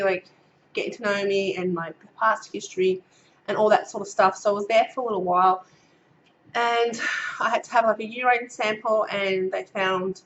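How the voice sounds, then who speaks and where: A woman's voice: medium pitch, a bit bright, highs cut off, slight background noise. A woman in her thirties with an Australian accent, giving a casual pregnancy update to camera, a little out of breath and getting over a cold, chatty with many ums as she reads her notes. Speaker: vlogger.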